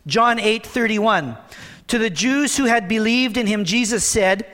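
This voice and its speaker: A man with a high voice delivers a sermon from the pulpit. He talks to the congregation in a plain, earnest way and slows down to stress the scripture he reads. His voice carries a long reverb from the church sanctuary. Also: lively intonation, fairly bright tone. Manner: earnest, conversational preaching with slow emphatic scripture reading. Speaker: pastor.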